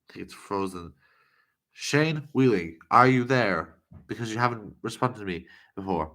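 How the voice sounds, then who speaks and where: A man from the United States chatting casually to viewers on a live stream, rambling and excitable. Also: on the low side, takes it slowly, long pauses.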